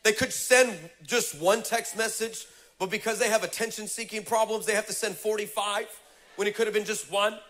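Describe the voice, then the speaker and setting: A male pastor with a voice that sits high, speaking at normal speed, tells a funny story in his sermon with lively, humorous delivery. He builds toward fervent exhortation.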